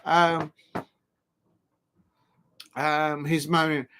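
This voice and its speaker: A man's voice: fairly high pitch, level tone, drawn-out words, pushed and bright, a little hiss or hum. A man hosting a live fan stream, talking in mocking banter and breaking into chants and jeering noises. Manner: mocking, banter-heavy, chants and sings snippets. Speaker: fan channel host.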